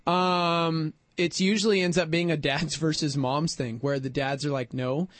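A middle-aged man hosting a casual radio chat, chatty and quick to laugh. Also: on the high side, steady tone, a bit bright, no echo. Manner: chatty, quick laughs, reads out the call-in number. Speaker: radio host.

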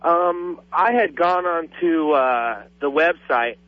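A man's voice: fairly high pitch, takes it slowly, no room sound. A man calling in to a radio show, talking casually and rambling with lots of fillers. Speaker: caller. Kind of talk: call-in radio chat. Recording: dry, dull lo-fi radio sound.

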